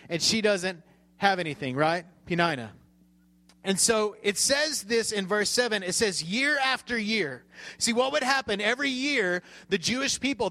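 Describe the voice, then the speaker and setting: A man with a high voice preaches a sermon, retelling a scripture story in a chatty, conversational way. He often stops to check that his listeners are with him. The recording is dry and close, with no room sound. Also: pushed and bright, dry recording. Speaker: pastor.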